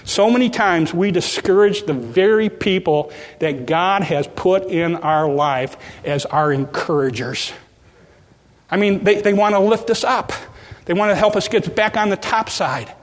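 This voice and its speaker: A man's voice: high-pitched, a little slow, long reverb tail. A man preaching a sermon in a folksy, humorous way, acting out little everyday scenes. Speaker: pastor.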